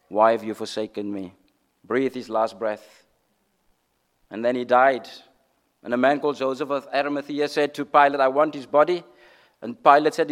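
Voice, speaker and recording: A man with a fairly high-pitched voice preaches a sermon, swinging from loud declarations to hushed, almost whispered lines. He repeats phrases for emphasis.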